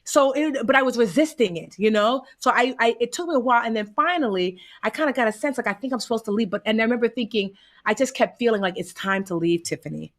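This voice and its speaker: A woman from the United States, a guest telling stories in casual conversation, animated and acting out the voices she quotes, with folksy asides. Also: on the high side, fast, hardly any pauses.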